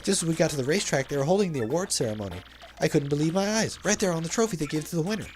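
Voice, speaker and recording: A laid-back young man tells a long adventure story in easygoing slang, voiced by a man dubbing a game. The voice sits somewhat high and is backed by faint music. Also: expressive, rapid-fire, a little mellow, natural voice. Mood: storytelling. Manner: casual slangy storytelling, says bro a lot. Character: laid-back young male hero's brother telling a story.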